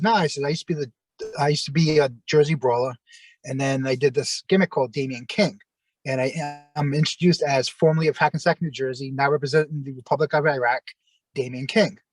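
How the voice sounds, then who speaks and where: A middle-aged former pro wrestler rambles through casual anecdotes on a video call, acting out the voices of people he quotes. His voice is fairly high-pitched. The audio is poor, with no echo.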